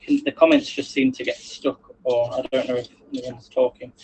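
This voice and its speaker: A man's voice: medium pitch, wildly swooping pitch, normal speed, creaky, darkish tone, a little hiss or hum, poor audio. A man hosting a casual live cooking stream from his home kitchen, chatting and rambling to viewers while he cooks. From England. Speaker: livestream cooking host. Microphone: phone on a selfie stick.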